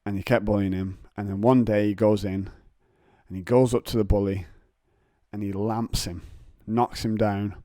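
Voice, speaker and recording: A young man, hosting a solo podcast in casual chat, telling jokey stories and putting on high voices to mimic people. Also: fairly even intonation, moderate pace, mellow, no room sound, clean studio sound. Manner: jokey storytelling, acts out voices of others in high pitch. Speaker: podcast host.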